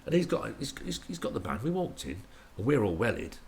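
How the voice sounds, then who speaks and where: English male musician guest, low voice, wildly animated, rambling storyteller. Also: fairly quick. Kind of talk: casual anecdote telling.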